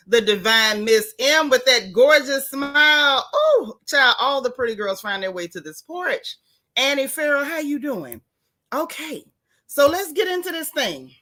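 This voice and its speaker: A woman's voice: on the high side, pushed and bright. A woman hosting a casual live stream, chatting and greeting viewers by name with down-home slang.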